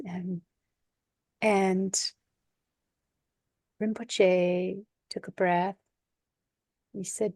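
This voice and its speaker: A woman from the United States, a podcast guest telling animated anecdotes in conversation and laughing often. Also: medium pitch, drawn-out words, long pauses, dry recording, clean studio sound. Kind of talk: conversational storytelling.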